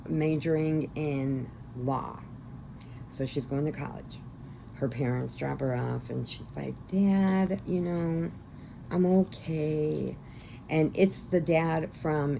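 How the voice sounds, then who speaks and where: A woman's voice: extremely low pitch, gravelly, noisy background. A woman crochet vlogger chatting casually and rambling as she retells a movie plot. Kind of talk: casual chat.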